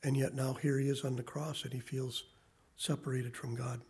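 A man in his thirties preaching a sermon, swinging from loud emphasis to quiet, hushed asides. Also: mid-range voice, flat delivery, normal speed, husky. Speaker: pastor.

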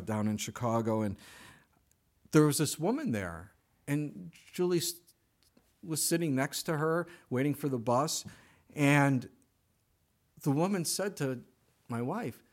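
A middle-aged man preaching a sermon, animated, moving between soft asides and loud emphatic bursts. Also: mid-range voice. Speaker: pastor.

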